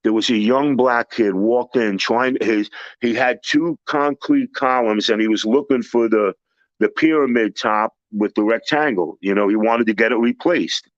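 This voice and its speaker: A man telling blunt, animated stories in casual talk and acting out the people he quotes. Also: medium pitch, moderate pace, no echo. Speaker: storyteller host. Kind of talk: casual storytelling. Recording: dry, dull lo-fi recording.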